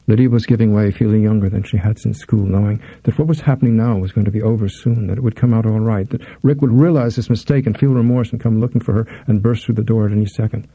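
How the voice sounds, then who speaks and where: A man narrates a thriller in measured, intense storytelling. His voice is very dark, gravelly and husky. The recording is dry, dull and lo-fi. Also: on the low side, steady tone, dry recording. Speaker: audiobook narrator. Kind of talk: scripted narration.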